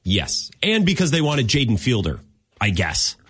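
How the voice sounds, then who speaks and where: Wry, lively husky man on sports radio. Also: mid-range voice. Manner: wry, lively, quick comebacks. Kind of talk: sports talk radio banter. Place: radio studio.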